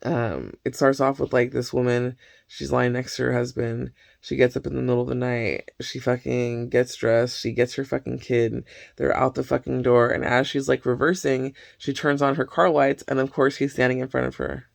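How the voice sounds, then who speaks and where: Brief: gravelly, fry-heavy man, profane rambling movie-rant vlogger, dry close sound. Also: medium pitch, little pitch movement, moderate pace, no room sound. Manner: heavy swearing, rambling retelling of plots. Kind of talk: casual rant.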